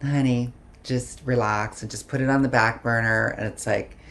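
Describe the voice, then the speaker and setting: A woman quoting her calm older sister in a reassuring way. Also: very deep voice, moderate pace, slight background noise. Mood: soothing.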